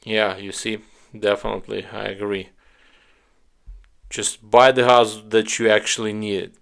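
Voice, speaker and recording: Brief: low, flat, gravelly male host, hesitant and filler-heavy. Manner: hesitant, halting phrasing with fillers. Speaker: show host. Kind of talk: casual introduction of clips.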